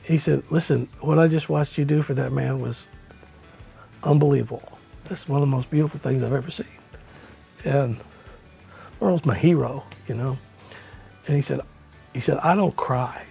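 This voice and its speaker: Older man, relaxed interview guest telling a story, dark gravelly voice. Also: medium pitch, normal speed, pauses often, soft background music. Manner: relaxed storyteller, folksy with many "you know"s. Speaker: country musician, interview guest.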